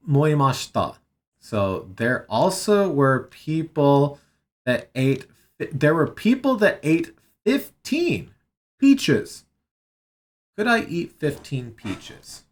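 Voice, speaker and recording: A man studying on a stream, thinking aloud with many fillers as he sounds out foreign words and translates them. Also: medium pitch. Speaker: language learner streaming his study. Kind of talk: casual self-study narration.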